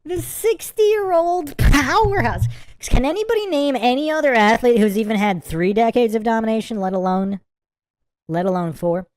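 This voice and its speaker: A woman's fairly high, lively voice rides up and down as she reacts to a sports clip in a casual livestream. She rambles, repeats herself and keeps dissolving into giggles. The sound is close and dry, with no room around it. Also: a little fast, no room sound. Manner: giggly, keeps breaking into laughter. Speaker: livestream host.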